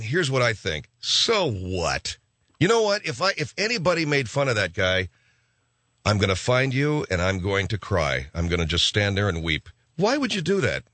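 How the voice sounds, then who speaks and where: A man's voice: medium pitch, a bit bright, no echo. A man hosting a radio talk show, rambling in a casual, offhand monologue full of restarts from a studio.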